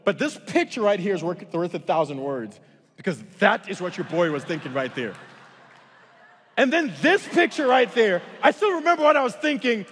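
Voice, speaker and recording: A man from Africa preaching a sermon in a church auditorium, with animated, expressive storytelling. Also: high-pitched, normal speed, slightly rough. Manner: animated and expressive, acting out dialogue, then earnest in the closing challenge. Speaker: guest pastor. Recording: long church-hall reverb.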